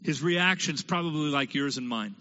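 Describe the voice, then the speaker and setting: A man preaching a sermon with a bright, forceful, fairly high voice. He presses his listeners with rhetorical questions and sinks to a hush to drive points home. The sound is dull and lo-fi and rings with a long hall reverb from the sanctuary. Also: normal speed. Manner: preaching in rhetorical questions, swinging from loud emphasis to hushed. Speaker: pastor.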